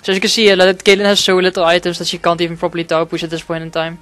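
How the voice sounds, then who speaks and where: A man's voice: sits high, monotone, racing, a bit bright, no room sound, soft background music. A man giving casual gameplay commentary, rambling and swearing a lot, with frequent fillers and restarts. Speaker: gaming commentator.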